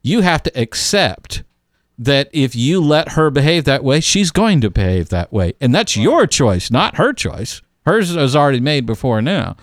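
A man's voice: medium pitch, sing-song, normal speed, no room sound, studio quality. A man co-hosting a podcast, giving emphatic advice in casual chat, with frequent restarts and fillers.

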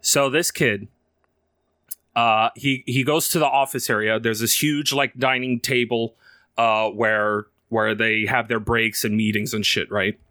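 A man casually telling a profane, animated story about his day, swearing constantly and laughing as he goes. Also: mid-range voice, a little slow, no echo.

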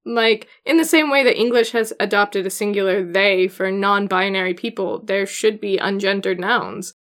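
A young woman co-hosting a casual podcast chat, talking with wry, deadpan asides. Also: medium pitch, normal speed. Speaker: podcast co-host.

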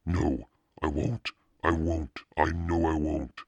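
An eager preteen girl who begs and gushes, as a man reads her in an audiobook. The voice sits very low with a gravelly, husky edge. It sounds dry and close. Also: a little slow, a bit bright, no room sound, heavily acted. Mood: eager pleading. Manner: breathless, begging, gushing. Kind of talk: audiobook reading.

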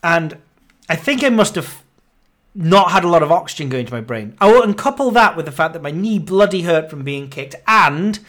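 A man's voice: fairly high pitch, animated, moderate pace, fairly bright tone. A man in his thirties hosting a podcast, out of breath, rambling and grumbling with self-mocking humor. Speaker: podcast host. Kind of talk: casual monologue.

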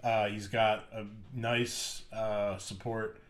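A man co-hosting a movie podcast who speaks in a measured, hesitant way with frequent uhs. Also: lowish voice, flat delivery, a bit bright. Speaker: podcast co-host. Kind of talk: casual chat.

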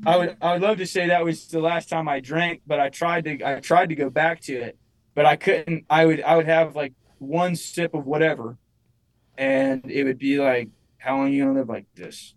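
A man's voice: a little high, fairly even intonation, normal speed, poor audio. Rambling young man telling a story. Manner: rambling, full of "like" and restarts. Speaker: musician guest. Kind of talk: casual storytelling interview.

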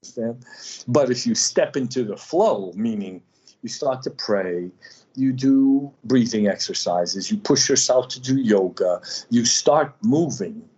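A man speaking as a guest healer, telling personal stories in a halting way with many fillers and restarts. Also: on the low side, a little mellow, husky. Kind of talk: personal storytelling in conversation. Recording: slightly dull lo-fi audio.

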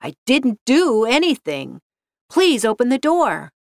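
A woman's voice: a little high, huge pitch swings, measured pace, creaky, a little mellow, dry recording, clean studio sound, heavily acted. A woman reading the part of a bossy, impatient male office manager who gives curt demands. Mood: alarmed.

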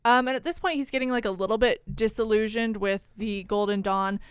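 A woman co-hosting a podcast, telling a story in a loose, wry, chatty way. Her voice is very clear and crisp, and it sounds close and dry. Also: fairly high pitch, brisk, no room sound. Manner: wry, chatty, many fillers. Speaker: podcast co-host. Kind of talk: casual storytelling chat.

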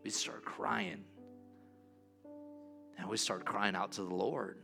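A pastor preaching a sermon in a church, telling a personal story in an earnest way. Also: male voice, deep voice, fairly even intonation, unhurried, gravelly, long pauses, sharp tone, soft background music.

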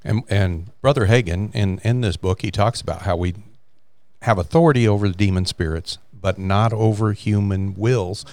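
A man's voice: fairly low pitch, moderate pace, a little mellow. A man co-hosting a faith podcast, earnestly retelling a story from a book in casual chat. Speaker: podcast co-host.

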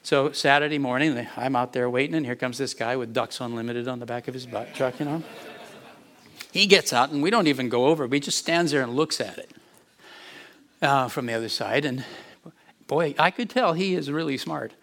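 A male pastor telling a story in a sermon, animated, chuckling often, and repeating words as he goes. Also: mid-range voice, moderate pace.

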